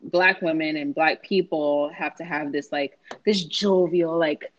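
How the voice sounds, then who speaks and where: A woman's voice: deep voice, fairly even intonation, unhurried, dull audio. A woman co-hosting a podcast in casual chat, venting emphatically and profanely, often asking "you know what I'm saying". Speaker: podcast co-host.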